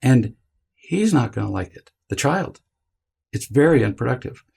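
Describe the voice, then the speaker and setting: A man with a gravelly, slightly husky voice lectures parents in a deliberate, emphatic way. He now and then slips into a whiny child voice to make a point. His pitch sits in an ordinary middle range. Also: sing-song, darkish tone. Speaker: parenting teacher.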